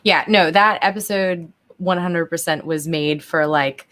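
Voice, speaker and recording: Female co-host with a deep, low voice, excited and giggly, full of fan enthusiasm. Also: unhurried. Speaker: podcast co-host. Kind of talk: casual podcast chat.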